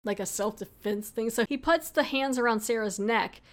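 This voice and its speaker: Chatty woman podcast host, higher voice. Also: normal speed. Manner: chatty, laughs often, acts out character quotes. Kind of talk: casual podcast recap.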